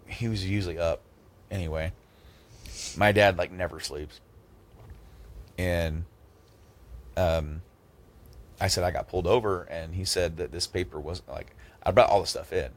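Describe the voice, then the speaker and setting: Animated low-voiced man telling stories. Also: moderate pace, pauses often. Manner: animated, acts out both sides of his stories with raised voices. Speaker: podcast host. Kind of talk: casual storytelling chat.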